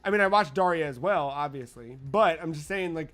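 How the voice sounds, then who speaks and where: A man's voice: a little high, expressive, brisk, a crowd in the background. A man in his thirties chatting casually as a podcast co-host, telling rambling, profane stories. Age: 30s. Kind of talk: casual chat.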